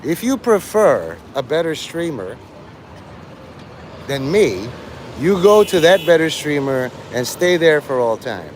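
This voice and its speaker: A man's voice: a little high, sing-song, a little slow, a little hiss or hum. A man livestreaming, rambling and teasing his chat, breaking into mock-angry, swearing rants.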